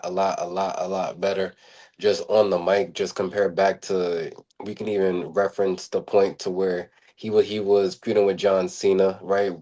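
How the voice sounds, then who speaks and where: A man's voice: deep voice, dark tone. A man co-hosting a podcast, chatting casually, rambling with lots of fillers and repeated words. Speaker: podcast co-host. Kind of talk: casual chat.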